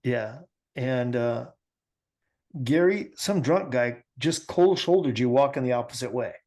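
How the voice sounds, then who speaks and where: Podcast host, animated storyteller. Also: male voice, mid-range voice, unhurried. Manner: animated storyteller, laughs often. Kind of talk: casual chat.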